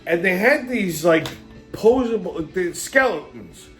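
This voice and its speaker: A middle-aged host spins a rambling, foul-mouthed story and breaks into laughter often. His voice sits high for a man. Faint music plays underneath. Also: lively intonation, moderate pace. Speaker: podcast host. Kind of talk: casual storytelling monologue.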